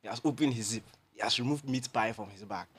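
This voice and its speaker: A man's voice: medium pitch, fast, fairly bright tone, slight background noise. A Ghanaian man hosting a radio breakfast show, telling a story animatedly and acting out the voices. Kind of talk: lively studio banter. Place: radio studio.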